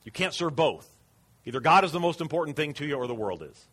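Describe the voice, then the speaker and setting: A man's voice: fairly high pitch, big pitch swings, quick pace, a bit bright. A man preaching a sermon as pastor, earnest and emphatic.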